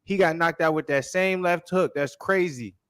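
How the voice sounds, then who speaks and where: A man reacts out loud to a fight with his friend, excitable and quick to shout, slipping into playful voices. His tone is bright and forward. The sound is dry and close to the mic. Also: on the high side, no echo. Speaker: co-host of fight watch commentary. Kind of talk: casual excited chat.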